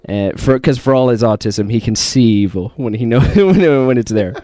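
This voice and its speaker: A man co-hosting a podcast, telling a funny story in a casual chat, animated and often laughing. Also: mid-range voice, moderate pace, no room sound. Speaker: podcast co-host.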